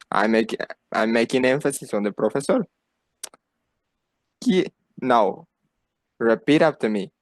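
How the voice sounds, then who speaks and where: A man's voice: mid-range voice, lively intonation, unhurried, pauses often, no echo. A man teaching a beginner lesson, patiently repeating phrases for learners to copy. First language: Spanish. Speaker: Spanish teacher. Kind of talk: slow beginner language lesson.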